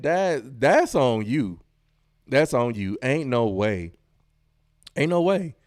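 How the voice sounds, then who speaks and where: A man's voice: mid-range voice, animated, slow pace, long pauses, darkish tone, dry recording, clean studio sound. A man hosting a podcast, reacting to clips in a casual, slangy way, laughing often.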